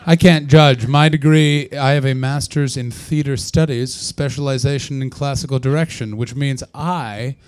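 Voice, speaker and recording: A young Canadian man doing live stand-up at a small festival venue, profane and sarcastic, riffing with the crowd and breaking into yelled punchlines. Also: mid-range voice, fairly even intonation, normal speed, hardly any pauses, no room sound. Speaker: stand-up comedian.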